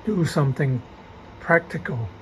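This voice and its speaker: Guy walking through his diy gear real slow, kinda higher voice, faint birds and outdoor noise around. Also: animated. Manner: unhurried, plain-spoken, with pauses and fillers. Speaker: DIY video maker. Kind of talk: casual show-and-tell narration. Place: garage and yard, partly outdoors.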